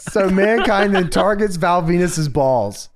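A man's voice: high voice, animated. A man co-hosting a casual wrestling podcast, throwing in wry jokes. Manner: wry, quick jokes over the other host. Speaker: podcast co-host. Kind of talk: casual wrestling recap chat.

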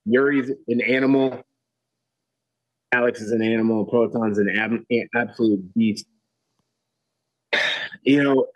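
A man's voice: fairly low pitch, no echo, muffled recording. A man talking casually as a guest, laid-back, with many fillers and restarts. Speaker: guest fighter. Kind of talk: casual chat.

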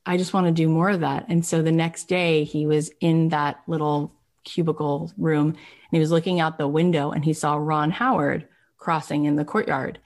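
A chatty woman hosting a podcast tells a story in an animated, casual way. Her voice sits slightly low and she leans on "like" as a filler. She jumps into raised, excited voices whenever she acts out what someone said. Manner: lively acted-out quotes in a raised voice. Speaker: podcast host.

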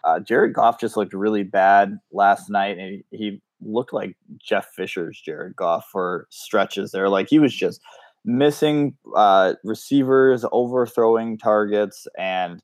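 Low-voiced laid-back co-host man. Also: slow, no room sound. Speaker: podcast co-host. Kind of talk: casual sports chat.

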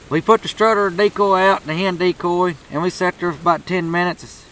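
A man's voice: sits high, fairly even intonation, normal speed, fairly bright tone, slight background noise, rough recording. A man telling a turkey hunting story in a drawling, profane, laid-back way. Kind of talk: casual storytelling.

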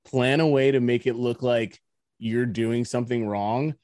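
A man's voice: medium pitch, steady tone, measured pace, darkish tone, no room sound. A young man co-hosting a podcast, chiming in with crude, joking banter. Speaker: podcast co-host. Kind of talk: casual podcast chat.

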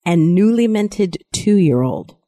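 A woman in her thirties chatting casually as a podcast co-host, telling stories with big swings in pitch when she exclaims. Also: takes it slowly, dry recording, clean studio sound. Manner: animated storyteller, jumps in pitch when exclaiming. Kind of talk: casual chat.

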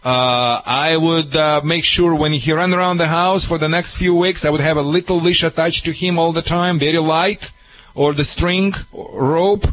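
A man working as a dog trainer who gives advice on call-in radio in broken, non-native English, lively and emphatic. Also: a little high, normal speed, dry recording, rough recording.

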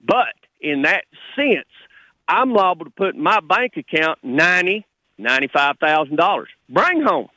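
A middle-aged man with a drawl talks bluntly and heatedly on a call-in show. His voice sits a little high, bright and tense. The sound is dry, with no room echo. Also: very animated, normal speed. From Texas. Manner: fired-up, blunt, rambling. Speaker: caller. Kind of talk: call-in radio talk.

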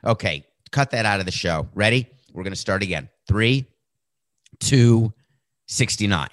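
A man hosting a sports podcast, talking sarcastically and acting out quotes with animated, mocking voices. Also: on the low side, unhurried, no echo, studio quality. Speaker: podcast host.

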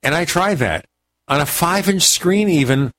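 A man's voice: a little high, expressive, moderate pace, a bit bright. A man hosting a tech radio talk show, chatty and joking with his guest. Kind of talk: casual radio chat.

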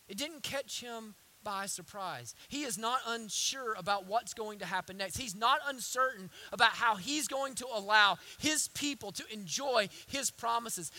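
A man preaches a sermon with a very high voice. He drops to near-hushed lines, then rises to loud, impassioned ones, with folksy asides to his listeners. His tone is sharp and bright. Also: lively intonation, a little slow, hardly any pauses. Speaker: pastor.

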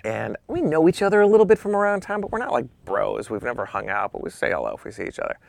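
A man, a photographer and interview guest, telling an animated anecdote and acting out the dialogue. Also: mid-range voice, fast talker, creaky, no room sound. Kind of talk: anecdotal storytelling.

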